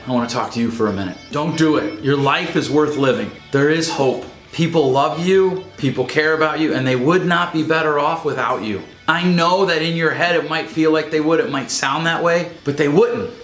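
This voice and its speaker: A man's voice: a little high, a bit bright. Earnest man pleading in an echoey room. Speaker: counselor speaking to camera. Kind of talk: earnest direct-to-camera message. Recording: echoey room with faint music.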